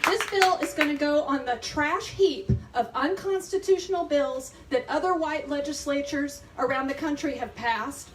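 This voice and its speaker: A woman's voice: sits high, normal speed, hardly any pauses. Woman, tearful, press statement, distant mic, faint hiss. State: emotional, near tears. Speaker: abortion provider representative. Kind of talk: emotional press conference statement. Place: outdoor press conference.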